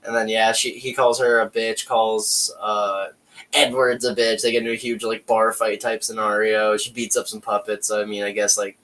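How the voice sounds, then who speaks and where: A man's voice: fairly low pitch, little pitch movement, fairly bright tone, recorded from a distance, low-quality recording. Rambling man retelling a movie, off-mic. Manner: rambling, retells scenes with quick put-on voices. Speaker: podcast host. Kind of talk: casual movie review chat.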